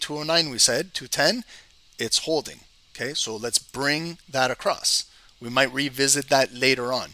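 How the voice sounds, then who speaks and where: Male host, live market commentary, thinks aloud, crisp forward tone. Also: medium pitch, bright, forceful tone. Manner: thinks aloud while reading charts, lists price levels. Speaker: trading channel host.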